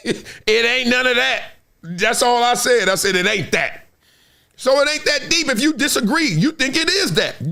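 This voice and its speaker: Animated, high-pitched man hosting commentary. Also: a little slow, gravelly. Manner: emphatic, conversational, repeats "right?" and "no, no, no". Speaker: show host, former football player.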